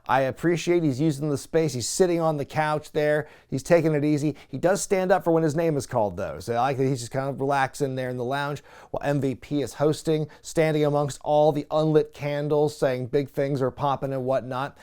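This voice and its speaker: A man's voice: on the high side, fairly quick, a little mellow, smooth. A man hosting a wrestling recap show, talking in a wry, chatty way and laughing at what he describes. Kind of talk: casual recap commentary.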